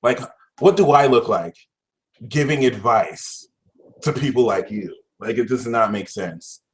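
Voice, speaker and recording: A man giving a casual tarot reading, talking in a slangy, exasperated, theatrical way. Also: measured pace. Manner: dramatic, exasperated, swings to shouting and high-pitched outbursts; slang-heavy, fillers like "like", "y'all". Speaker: tarot reader.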